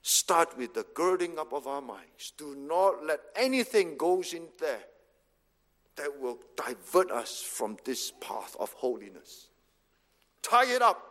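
Speaking slowly with a lilting, sing-song delivery, this pastor has a voice on the high side with a touch of brightness. His sermon in a church hall leans on short, repeated commands, captured in a reverberant hall recording.

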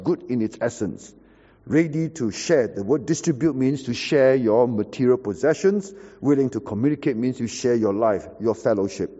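A pastor preaching a sermon, explaining scripture and repeating key words for emphasis. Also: male voice, mid-range voice, dark tone, big-room sound, dull audio.

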